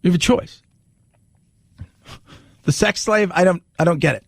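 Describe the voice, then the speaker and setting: A man's voice: sits high, normal speed, vocal fry, no echo, clean studio sound. A man hosting a talk radio show, riffing animatedly in casual commentary and repeating lines for emphasis.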